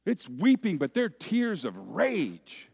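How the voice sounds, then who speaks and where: A man preaching a sermon, deliberate, lifting key phrases with emphasis and dropping into quiet asides. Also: sits high, huge pitch swings, gravelly, husky. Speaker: pastor.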